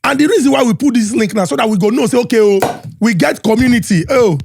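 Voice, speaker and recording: A Nigerian man hosting a podcast, doing sponsor reads and hype introductions in an energetic, Pidgin-mixed style with shouted announcements. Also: very high-pitched, fast, creaky, background noise. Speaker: podcast host. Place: podcast studio.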